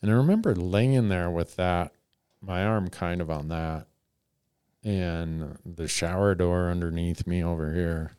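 A man with a very low, smooth and resonant voice spins a rambling story on a podcast, chuckling at himself as he goes. The sound is close and dry. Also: a little slow, darkish tone, dry recording. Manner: rambling, self-mocking, chuckles often. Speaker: podcast host telling a story. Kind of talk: casual storytelling.

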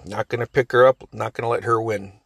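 A man's voice: fairly low pitch, fairly even intonation, quick pace, vocal fry, breathy edge, no echo, clean studio sound. A man in his forties casually telling a family story, rambling, cursing and laughing often.

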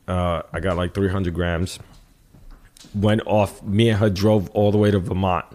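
A man's voice: low voice, level tone, unhurried, a little mellow. A man from New York, a guest telling a casual, rambling story with lots of restarts and swearing. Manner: rambling with frequent restarts and profanity.

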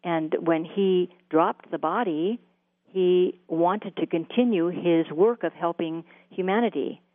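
A woman speaking in a lowish voice recounts her story in a halting way, full of fillers and restarts. She comes through a narrow, phone-like line with a dry sound and no room echo. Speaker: guest, spiritual channeler. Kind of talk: storytelling interview answers.

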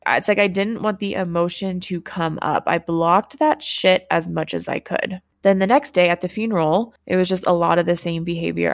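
Young woman host, personal storytelling; low, gravelly, dry close sound, halting and reflective. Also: no echo. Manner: reflective, halting, plain-spoken. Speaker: podcast host telling her own story.

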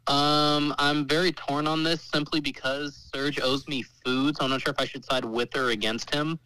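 A man calling into a podcast by phone, making dry, deadpan remarks in casual chat. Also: a little high, normal speed, slight background noise, rough recording. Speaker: caller. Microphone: phone call held near a mic.

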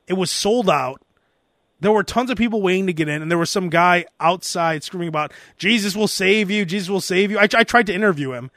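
A man hosting a casual comedy talk show, telling stories in an animated way and breaking into loud impressions. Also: sits high, no room sound, clean studio sound. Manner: animated storyteller, barks out impressions. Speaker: podcast host.

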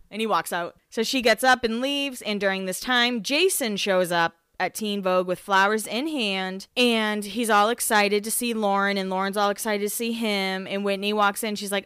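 Chatty woman podcaster, smooth dry voice. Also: mid-range voice, normal speed, fairly bright tone, dry recording. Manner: chatty, lots of "like" and restarts. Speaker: podcast host. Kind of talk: casual recap chat.

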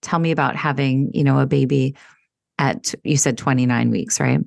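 A woman's voice: a bass voice, fairly even intonation, moderate pace, vocal fry, dry recording, clean studio sound. A woman hosting an interview, responding supportively and asking follow-up questions. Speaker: podcast host. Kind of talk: interview conversation.

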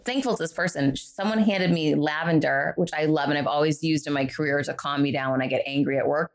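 In a low-sitting, fast voice, a middle-aged woman who is a guest author on a podcast interview narrates a story. She delivers it with animation, acting out the voices of the people involved.

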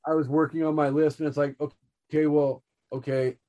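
A man's voice: a little high, flat delivery, normal speed, mellow. A man co-hosting a podcast in casual chat, speaking emphatically and leaning on filler words. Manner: emphatic, repeats "literally" and "like". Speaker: podcast co-host.

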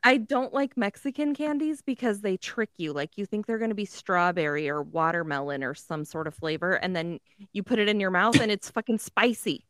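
A woman's voice: mid-range voice, animated, fairly quick, fairly bright tone, clear, resonant tone, no echo. A woman co-hosting a podcast in casual chat, blunt and teasing, swearing freely. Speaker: podcast co-host.

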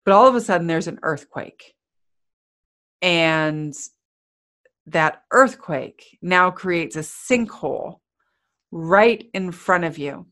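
A woman giving a motivational talk in an energetic, playful, conversational way. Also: lowish voice, takes it slowly, long pauses. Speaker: motivational speaker.

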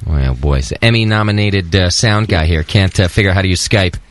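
A man's voice: low-pitched, fairly quick, a little hiss or hum. A man hosting a casual podcast, teasing his callers and co-hosts in joking banter. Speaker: podcast host.

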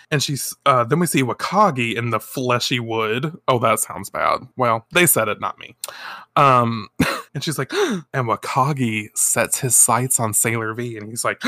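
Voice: mid-range voice, animated, measured pace, pushed and bright, no room sound, studio quality. A podcast host recapping a comic in a casual, playful, irreverent way, laughing and swearing.

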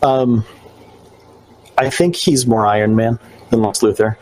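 A man's voice: mid-range voice, measured pace, darkish tone, low-quality recording. A man hosting a podcast, chatting casually, rambling with loose restarts and fillers. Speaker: podcast host. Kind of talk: casual live-stream chat. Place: New York.

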